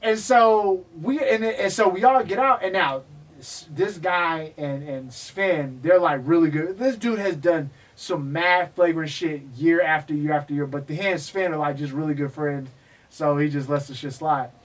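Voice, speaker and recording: Male guest, animated raconteur, curses freely, slightly high voice, recorded off-mic. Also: normal speed, recorded from a distance, rough recording. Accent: Texan. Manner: animated, profane, acts out quoted people. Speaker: guest, MMA historian. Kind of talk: casual storytelling interview.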